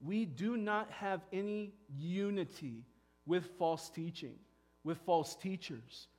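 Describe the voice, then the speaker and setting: A man preaching a sermon as pastor, moving from hushed, quiet points to loud, emphatic declarations. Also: sits high, slow.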